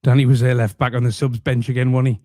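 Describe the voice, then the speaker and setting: A man's voice: medium pitch, level tone, quick pace, dark tone. A man giving mocking, rambling comedy commentary with a sarcastic, teasing manner.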